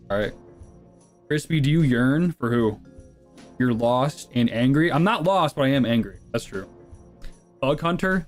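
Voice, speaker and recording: A man's voice: fairly high pitch, moderate pace, a little mellow, soft background music. A young man live streaming, answering chat with crude, provocative, slang-heavy banter.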